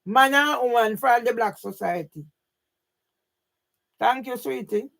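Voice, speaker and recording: A woman with a Jamaican accent ranting on a live stream, emphatic, often shouting and swearing, with frequent questioning tags. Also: on the high side, measured pace, creaky. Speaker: YouTube livestreamer.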